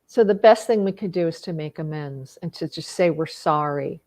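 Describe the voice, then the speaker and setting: Here is a middle-aged woman with a fairly low voice, speaking with earnest feeling as she works through a personal story. She often stops to restart a thought and fills gaps with small fillers while she reflects on her own mistakes. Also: normal speed, a little mellow.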